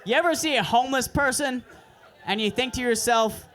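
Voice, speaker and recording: Working a comedy club stage during an open-mic set, this high-voiced young comic goes crude, deadpan and self-mocking. He moves along fairly quickly while a faint crowd can be heard.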